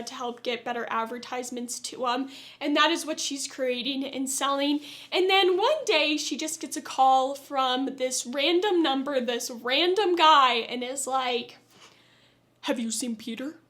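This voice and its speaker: In a high-pitched voice, a woman chats her way through an opinionated, casual review of a show. When she rants, she gets loud and exasperated.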